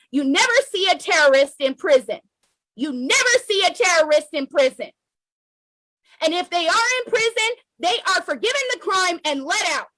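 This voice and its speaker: A woman's voice: extremely high pitch, bright, forceful tone, no echo, low-quality recording. An American woman speaking in an emotional, fiery political monologue, hammering her points home by repeating them. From United States. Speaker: political commentator. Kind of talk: impassioned political monologue to camera.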